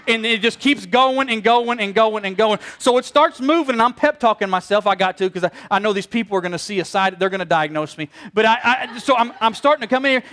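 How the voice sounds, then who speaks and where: High-pitched animated pastor. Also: male voice. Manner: storytelling, animated, acts out quoted voices. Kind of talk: sermon.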